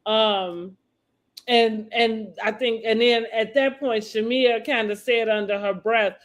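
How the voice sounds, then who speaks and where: High-voiced woman hosting a chatty podcast. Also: steady tone, takes it slowly. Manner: talks in loose restarts, quotes people in a dropped voice. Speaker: podcast host. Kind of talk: casual chat about reality TV.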